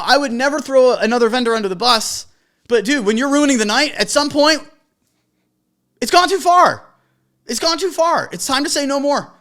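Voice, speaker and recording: This high-voiced wedding DJ shares an anecdote meant as guidance for other DJs. He delivers it with emphatic energy and the occasional casual curse.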